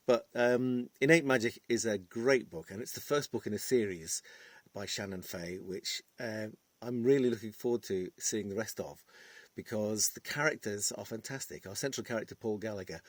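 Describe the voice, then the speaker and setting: A man's voice: fairly low pitch, dry recording. A man with a Liverpool accent, an audiobook narrator, talking enthusiastically about a book he recorded. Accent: Liverpool (Scouse). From England, Wirral. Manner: enthusiastic, effusive. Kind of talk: casual promotional talk.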